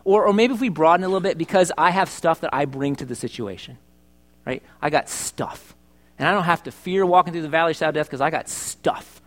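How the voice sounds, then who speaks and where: A man's voice: on the high side, brisk. A middle-aged male pastor preaching a sermon in church, chatty and joking, asking his congregation questions. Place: church service.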